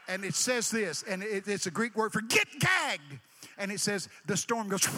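A man preaching a sermon, emphatic, swinging from hushed asides to shouted lines and calling for responses. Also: high-pitched, very animated, moderate pace, in a large hall. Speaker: pastor.

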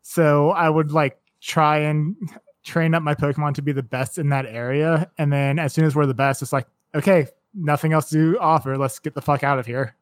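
A man's voice: fairly high pitch, fairly even intonation, moderate pace, dry recording. A man in his late twenties chatting casually on a podcast, thinking aloud and swearing now and then. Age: 20s. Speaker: podcast co-host.

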